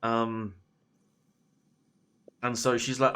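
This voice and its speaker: A man streaming a game while casually retelling a scary story, halting and full of fillers and restarts. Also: medium pitch, lively intonation, fairly bright tone, slight background noise.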